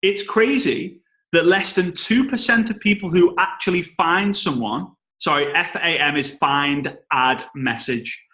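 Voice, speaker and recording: A British man giving an energetic, jokey network marketing training on a video call. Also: high voice, normal speed, reverberant. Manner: playful, jokey, breaks into song.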